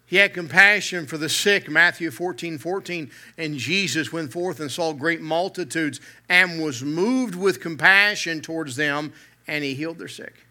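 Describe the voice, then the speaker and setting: A man's voice: on the high side, unhurried, pushed and bright. A man preaching a sermon from the pulpit, mixing humor with earnest emphasis that swells and drops. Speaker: pastor.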